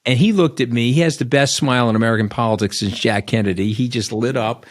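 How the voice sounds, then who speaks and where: A middle-aged man talks as an interview guest, blunt and animated. He tells his stories freely, tags points with "okay?", and sits at an average pitch for a man. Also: fast. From Long Island, New York. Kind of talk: candid storytelling interview.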